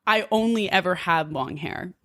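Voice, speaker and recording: A woman from New Jersey, a podcast guest, telling a story in a casual, animated way, full of "like" and quick laughs. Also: on the low side, no echo, clean studio sound. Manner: animated, filler-heavy with frequent "like", laughs often.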